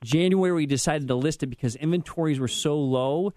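A man's voice: on the high side, brisk, a little mellow, dry recording. A man speaking as a realtor guest on a radio show, giving advice in a rambling way with many restarts.

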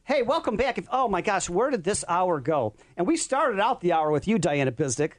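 A man's voice: high voice, very animated, brisk, no room sound. A man hosting a radio talk show, upbeat and enthusiastic, speaking in a studio.

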